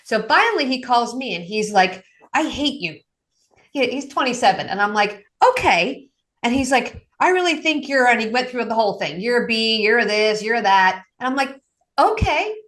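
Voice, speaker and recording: A woman, a guest addiction coach, telling stories in a casual interview and acting out the people she quotes. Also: moderate pace. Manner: lively, acts out quotes with raised pitch. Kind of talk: animated storytelling in casual interview.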